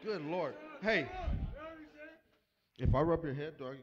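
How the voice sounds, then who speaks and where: A man's voice: on the high side, animated, a little slow. A man improvising a profane roast in a pub, heckling the guests with crude insults. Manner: crude, trash-talking, heckles the crowd. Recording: echoey, dull-sounding hall recording.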